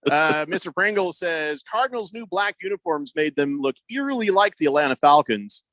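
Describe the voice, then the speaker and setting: A man reads listener texts on a sports radio show and cracks wry jokes about them. His pitch jumps around freely as he talks. The studio sound is dry and close. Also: expressive, normal speed, a bit bright, no echo. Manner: wry, joking, reads messages aloud. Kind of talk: casual sports radio banter. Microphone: studio microphone.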